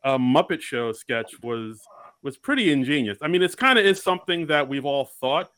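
A man's voice: medium pitch, normal speed, clean tone. A man co-hosting a casual podcast chat, talking with enthusiasm about comedy sketches. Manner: enthusiastic, excitable. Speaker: podcast co-host.

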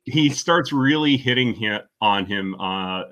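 A man co-hosting a podcast in casual chat, laughing often and dropping quick asides. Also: on the low side, animated, fairly bright tone, dull audio. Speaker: podcast co-host.

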